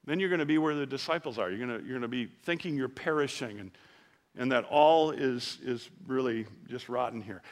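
A man's voice: fairly high pitch, a bit bright. Joking conversational male pastor. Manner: conversational and joking, acting out quotes. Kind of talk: sermon. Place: church service.

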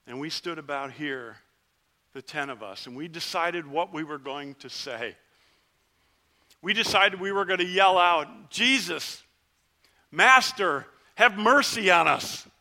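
Here a man whose voice sits on the high side, speaking a little slowly, becomes one of the ten lepers. It's an earnest, vivid first-person sermon in which he shouts his plea and afterward falls hushed.

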